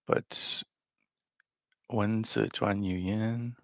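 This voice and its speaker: A man hosting a livestream, talking in a casual, rambling way with a deadpan, self-mocking manner. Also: fairly low pitch, extremely slow, creaky, no room sound. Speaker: livestream host.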